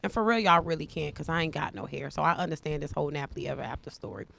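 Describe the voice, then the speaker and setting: Blunt woman co-host, bright voice. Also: low-pitched, racing, gravelly. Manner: blunt and animated, slips into mocking voices. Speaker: podcast co-host. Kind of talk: casual chat.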